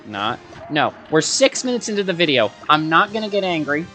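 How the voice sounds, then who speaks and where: With a slightly high, sing-song voice that's bright and forceful, this gaming video creator talks a little fast through his play, muttering sarcastic remarks and snapping into frustrated outbursts. There's slight background noise.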